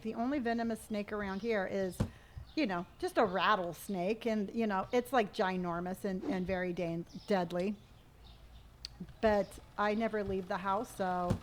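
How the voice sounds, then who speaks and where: At home, a middle-aged woman chats casually on a live stream as she plays, reading viewer comments out loud and humming to herself. Her voice is mid-range, with a little hiss or hum in the audio.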